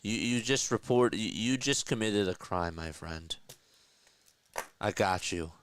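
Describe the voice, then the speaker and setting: A young man streaming live play-by-play of a baseball game, chatting with his viewers between pitches and lifting his voice for each call. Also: measured pace, slight background noise. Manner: pitch calls rise in pitch and energy. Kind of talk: live play-by-play commentary with chat.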